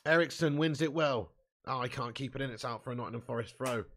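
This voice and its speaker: Excitable fan commentator, bright voice. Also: male voice, medium pitch, quick pace. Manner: excitable, swears freely, shouts at chances. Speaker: host of a fan match watch-along.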